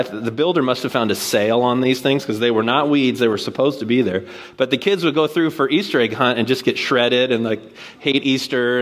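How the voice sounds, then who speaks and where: A man preaching from a church stage in a relaxed, conversational way. His voice sits at a middle pitch, and he tells a neighborhood story before turning to his point. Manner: casual, storytelling, animated quoted voices. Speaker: guest preacher. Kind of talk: sermon with personal story.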